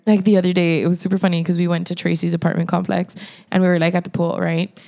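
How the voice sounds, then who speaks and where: A young woman with a lowish, gravelly voice chats casually with a friend. She tells stories animatedly, swearing and laughing as she goes. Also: little pitch movement, fast, darkish tone. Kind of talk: casual chat.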